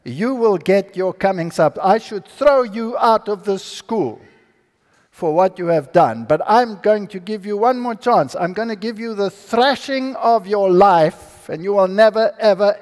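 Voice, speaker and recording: A man's voice: high-pitched, a little slow, a little mellow. A man voicing a stern old headmaster. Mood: scolding. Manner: firm and scolding. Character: stern older male school headmaster. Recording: long hall reverb.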